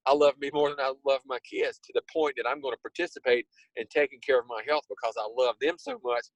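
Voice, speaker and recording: Brief: man in his 60s, mid pitch, dry sound, host delivering an emphatic pep talk on a video call. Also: quick pace, dry recording, muffled recording. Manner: emphatic, repeats key words. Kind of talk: motivational talk.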